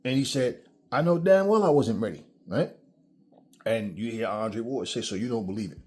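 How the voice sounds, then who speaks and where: Husky-voiced man in a blunt rant. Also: medium pitch, lively intonation, normal speed, a little mellow. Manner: blunt, profane, preachy. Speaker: commentary vlogger. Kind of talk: casual ranting commentary. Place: in front of his own camera.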